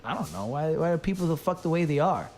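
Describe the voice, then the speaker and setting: A man's voice: fairly high pitch, sing-song, fast talker, darkish tone, slight background noise. A young man telling a story in casual chat, rambling, swearing, leaning on "like". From Dominican family, raised in the US. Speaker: podcast host.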